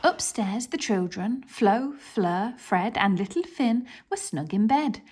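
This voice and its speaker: A woman reads a children's picture book aloud, lingering on each phrase. Her voice swings widely in pitch as she tells the story, and she drops into a soft whisper for some passages. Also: expressive, takes it slowly, slightly rough.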